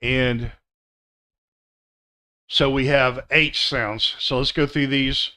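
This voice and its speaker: A male teacher runs a live pronunciation lesson with a bright, clear voice. He speaks very slowly and deliberately, repeating each word so learners can copy it. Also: mid-range voice, steady tone. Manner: slow, deliberate, repeats words for drill. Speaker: English teacher.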